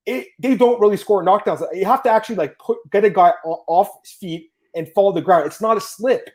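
A Canadian man hosting a podcast, talking fast and emphatically and calling his listeners "guys". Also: high voice, a little mellow. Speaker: podcast host. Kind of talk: casual podcast chat.

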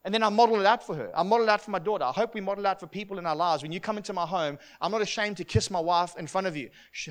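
A man's voice: sits high, rapid-fire, few pauses. A middle-aged man preaching a sermon in an earnest, heartfelt way, often repeating words as he starts a thought.

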